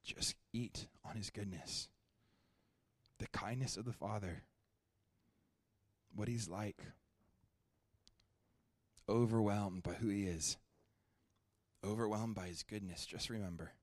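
A young man preaching a sermon at a church, shifting from animated, joking storytelling to quiet, prayerful ministry. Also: on the low side, takes it slowly, pauses often, no room sound. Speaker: guest preacher.

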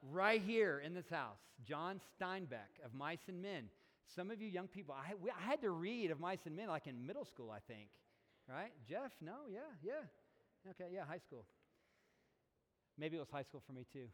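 A man's voice: high-pitched, sing-song, normal speed, a bit bright. A man, a pastor, preaching a sermon in a church in an earnest, conversational way, asking the congregation rhetorical questions and often correcting himself mid-sentence. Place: church sanctuary. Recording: long reverb of a church hall.

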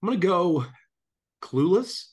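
A man's voice: high voice, lively intonation, slow pace, a little mellow, slightly rough. A man co-hosting a podcast, chatting in a casual, easygoing way. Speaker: podcast co-host.

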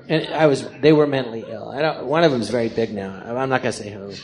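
A man in his fifties with an American accent, telling his life story on stage as a comedian, animated and acting out the people he quotes. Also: mid-range voice, fast, a crowd in the background. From Los Angeles, California. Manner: animated, acts out quoted people in different voices. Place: live theatre stage before an audience.

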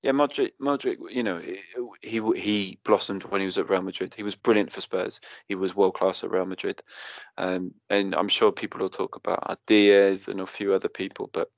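Welsh man, 30s, low voice, dry close mic, rambling and heartfelt podcast co-host. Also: moderate pace, gravelly, no room sound, dull audio. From Wales. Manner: emotional, rambling, animated storytelling. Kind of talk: casual football podcast chat.

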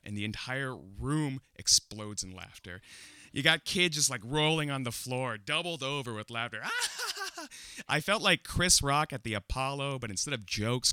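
A man's voice: mid-range voice, dry recording, clean studio sound. Laughing man telling a comic story. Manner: animated, laughing often, builds comic tension. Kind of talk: personal storytelling to an audience.

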